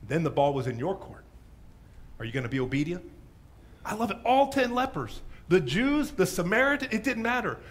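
Brief: dramatic preacher man, high and very lively voice, loud then hushed. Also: a little fast. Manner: animated storyteller, dropping to hushes. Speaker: pastor. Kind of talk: sermon. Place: church.

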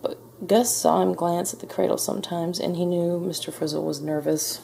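A woman reading a children's picture book aloud in a gentle, measured storytelling manner. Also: fairly low pitch, steady tone, vocal fry, slight background noise. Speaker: storybook reader. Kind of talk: children's read-aloud narration.

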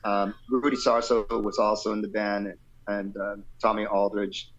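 A male rock vocalist, appearing as a guest in a casual interview, tells a long, rambling story with a voice on the low side at a moderate pace. He's animated and playful, shifting his voice to act out other people's lines, yet laid-back, full of fillers and "you know." The audio is lo-fi with a little hiss or hum.

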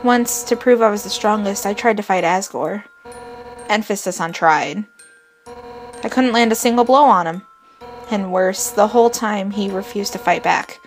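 A woman's voice: mid-range voice, normal speed, soft background music, close to an everyday voice. A woman voicing a brash fish warrior captain. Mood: earnest. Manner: blunt and boastful, with gruff outbursts. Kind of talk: reading game dialogue aloud.

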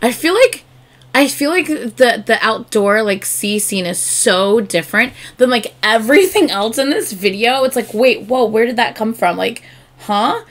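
A woman hosting a reaction video, chatting casually and gushing excitedly with lots of fillers. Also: a little high, normal speed, faint music behind.

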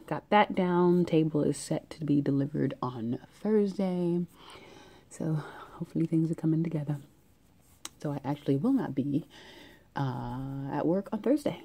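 A woman's voice: a bass voice, dark tone. A young woman vlogging her outfits in casual chat, annoyed and ranting, with many fillers and restarts.

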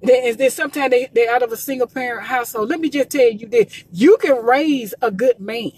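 Husky woman talking gospel. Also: a little high, brisk, a little mellow, no echo. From Columbus, Georgia. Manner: emphatic, repetitive, preachy. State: emotional, near tears. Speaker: gospel promoter. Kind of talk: live social media talk. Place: in a car by the road.

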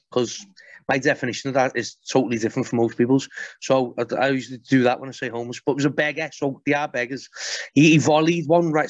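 A man's voice: a little high, dry recording. A man, a podcast guest telling stories in casual chat, blunt and sweary. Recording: dull, muffled podcast audio.

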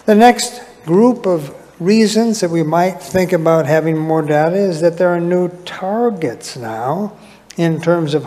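A middle-aged man giving a conference lecture in a large hall, relaxed and anecdotal with light humor. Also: on the high side. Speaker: invited lecturer. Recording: long hall reverb from PA.

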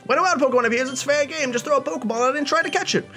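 A man voicing an old, grandfatherly male professor in a video game, with a raised, reedy pitch and an earnest, quick lecturing delivery. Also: bright, forceful tone, faint music behind.

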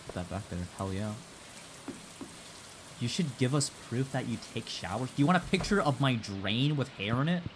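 A young male streamer talks casually to his chat, rambling, restarting lines and swearing. His pitch swings up and down a lot. A clear layer of background noise runs under the voice. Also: expressive, normal speed.

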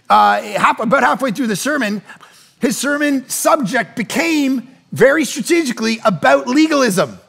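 A middle-aged man preaching a sermon as pastor, telling stories conversationally with quick asides and animated re-enactments of the people he quotes. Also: very high voice, gravelly. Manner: conversational storytelling with rapid asides.

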